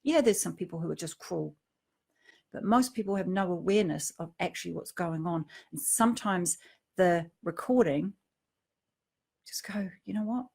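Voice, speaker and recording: A middle-aged woman talks earnestly about emotions and relationships, with a gravelly edge to her voice. She drops to hushed tones and then pushes up into emphatic, lifted phrases. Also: lowish voice, normal speed. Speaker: speaker on emotional triggers. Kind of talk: reflective personal talk.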